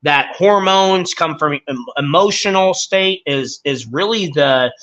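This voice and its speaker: Podcast guest, male, slightly high pitch, earnest and explanatory. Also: slow, a bit bright, highs cut off. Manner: earnest, explains with everyday examples. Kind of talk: casual podcast conversation.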